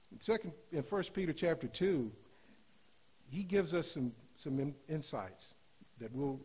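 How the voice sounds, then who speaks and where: A man preaching a sermon in a church, rising to loud emphatic scripture reading and dropping to softer asides. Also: medium pitch, husky. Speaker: guest preacher. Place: church sanctuary.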